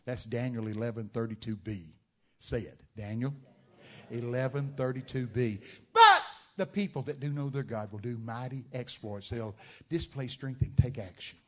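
A man preaching a sermon, telling Bible stories with dramatic shouted outbursts. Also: medium pitch, animated, normal speed. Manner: dramatic storytelling, bursts into loud shouted quotes.

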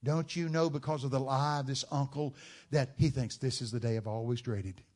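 Male preacher, dramatic storyteller, mid-pitched, full of rhetorical questions. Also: fairly even intonation, moderate pace, darkish tone. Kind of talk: sermon.

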